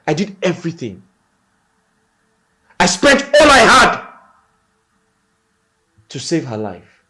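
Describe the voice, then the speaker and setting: A betrayed, grieving husband. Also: male voice, sits high, wildly swooping pitch, slow, sharp tone, heavily acted. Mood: bitter. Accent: Nigerian. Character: grieving man, betrayed by his wife. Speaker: actor. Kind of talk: film drama acting.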